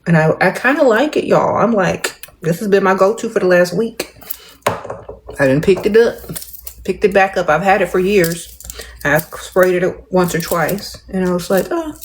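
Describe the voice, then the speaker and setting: A middle-aged woman hosting a casual livestream and chatting with viewers. She speaks with very little mouth movement, in a restrained, measured and playful drawl, and calls viewers "darling" and "y'all.". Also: on the low side, animated, slight background noise. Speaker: livestream host. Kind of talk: casual livestream chat answering comments.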